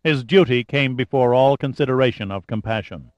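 A man giving a steady, dramatic narration of a thriller audiobook. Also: medium pitch, fairly quick, no room sound, muffled recording. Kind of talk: scripted narration.

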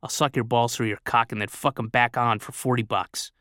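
A man's voice: medium pitch, fairly even intonation, a little fast, clean tone, no echo, clean studio sound, voice pushed down, lightly acted. A man voicing a crude, weary, foul-mouthed woman with a Chicago accent. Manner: brash and profane, then soft and tired.

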